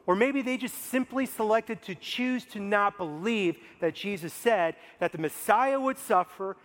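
A man's voice: sits high, a little slow, fairly bright tone. A man preaching a sermon in a conversational way, asking the listeners questions and acting out voices. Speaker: pastor. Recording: long reverb of a large hall.

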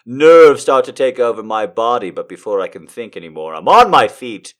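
With a sing-song, fairly bright mid-range voice at an ordinary pace, a man hams up an erotic story for laughs. He drops to whispers, rises to shrieks, and keeps cutting away to swear and laugh.

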